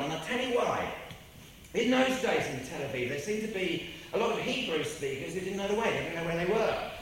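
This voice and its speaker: A man from England tells anecdotes in an animated, rambling way, repeating himself and doing impressions. His voice is fairly high. The room is very echoey, with a distant mic and ambient noise.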